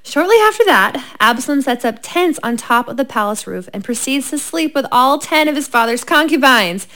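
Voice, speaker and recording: A woman co-hosts a casual chat, retelling Bible stories in a lively way, laughing often and reading scripture aloud. Her voice is high-pitched and her pace normal.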